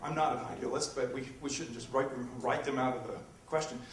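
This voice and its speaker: A man's voice: mid-range voice, a little fast, far from the mic. Man lecturing in an echoey hall. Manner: lecturing, animated, with many ums and uhs. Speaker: philosophy professor in a debate. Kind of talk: public debate presentation. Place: university lecture room. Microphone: distant from the microphone. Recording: echoey room recorded from afar.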